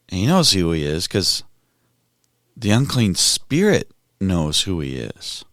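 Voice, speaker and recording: A man's voice: deep voice, big pitch swings, takes it slowly, fairly bright tone, no room sound, studio quality. A man hosting a podcast, reflecting on a scripture reading in a musing, conversational way. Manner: musing, conversational, thinks aloud with restarts. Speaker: podcast host.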